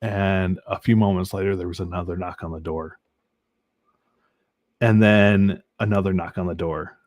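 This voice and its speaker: A man's voice: sits low, steady tone, normal speed, a little mellow. A man from Michigan, a podcast guest, giving an earnest personal faith testimony with many ums and restarts.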